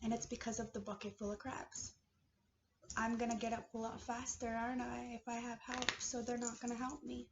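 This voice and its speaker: A woman from Canada in a heated, profane personal rant, swinging between low muttering and shouting. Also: little pitch movement, a little fast, noisy background. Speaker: vlogger. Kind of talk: emotional personal rant to camera. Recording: echoey room, dull lo-fi sound.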